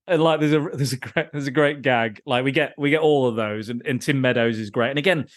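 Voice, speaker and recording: Laughing, animated man. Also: mid-range voice, a little fast. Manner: animated, acts out quotes with laughter. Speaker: podcast guest. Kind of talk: casual film chat.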